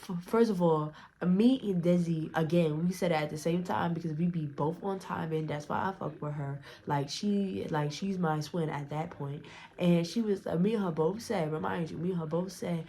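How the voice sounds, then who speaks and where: Speaking at a moderate pace in a mellow, lowish voice, this young storytime vlogger spins a tale for her viewers. She's relaxed and foul-mouthed, drifting off track and frequently starting her sentences over.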